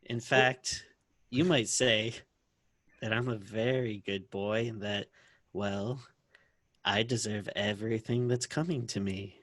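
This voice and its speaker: A man doing a syrupy grown man who swears he has been a good boy all year, calm and soothing in his earnest sweetness. He talks slowly over a dry, close sound. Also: on the low side, dry recording. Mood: sugary earnest. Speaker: comedian guest.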